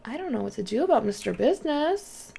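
A woman's voice: high-pitched, big pitch swings, brisk, gravelly, warm tone, slight background noise. A woman hosting a let's play, chatting casually through her gameplay, often exclaiming and talking to the characters on screen.

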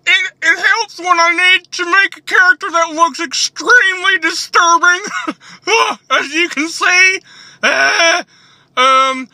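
A man's voice: very high-pitched, bright, forceful tone, no echo. A young man hosting a goofy comedy tutorial, laughing often and jumping into silly character voices. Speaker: comedy YouTuber.

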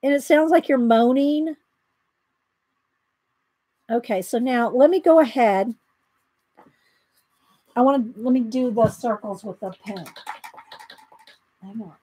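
Here a woman with a slightly high, dark and somewhat rough voice speaks slowly, pausing often, as she draws in her home art room. She's an artist livestreaming, chatting with viewers and thinking out loud. The audio is dry and low quality.

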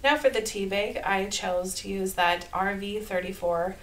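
A woman with a Minnesota accent, talking through a card-making tutorial in a chatty, upbeat way and laughing softly at herself. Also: mid-range voice, fairly even intonation, measured pace, low-quality recording. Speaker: card-making channel host. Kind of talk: casual craft tutorial voice-over.

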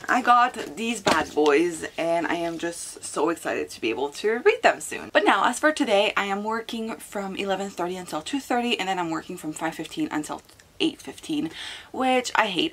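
A woman's voice: fairly low pitch, noisy background. Chatty young woman. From Quebec, Canada. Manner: chatty, peppered with "like" and restarts. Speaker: book vlogger. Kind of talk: casual vlog chat.

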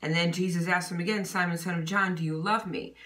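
A woman's voice: lowish voice, fairly even intonation, a little fast, a bit bright, far from the mic. A woman giving an informal Bible teaching, talking casually with fillers like "you know" and "okay?". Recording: echoey room, voice set back from the mic.

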